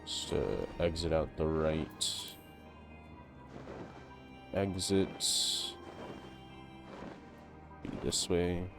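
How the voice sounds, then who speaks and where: A man streaming a game, talking casually and haltingly with frequent restarts. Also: low voice, lively intonation, gravelly, over music. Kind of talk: casual gameplay commentary.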